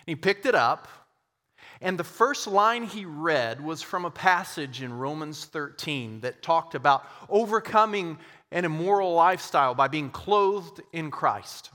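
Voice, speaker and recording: A man telling a church history story as part of a sermon, with slow, dramatic pauses. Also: on the high side, animated, bright, forceful tone, long reverb tail.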